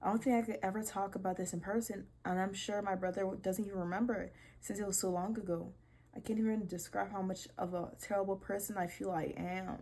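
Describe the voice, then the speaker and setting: A young woman hosting a casual vlog, reading posts aloud and reacting with animated disbelief and swearing. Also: medium pitch, a little fast. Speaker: video creator.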